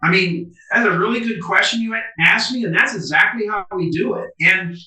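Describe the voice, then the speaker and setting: Man, business coach guest, emphatic, animated, fairly high voice, echoey room. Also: normal speed. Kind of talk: interview over video call. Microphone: video call. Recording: roomy, distant video call audio.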